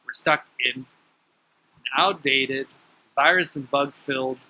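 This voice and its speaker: A man telling stories in a motivational talk about the mind, emphatic, with sudden lively jumps in pitch. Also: takes it slowly, slight background noise, rough recording. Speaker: spiritual teacher.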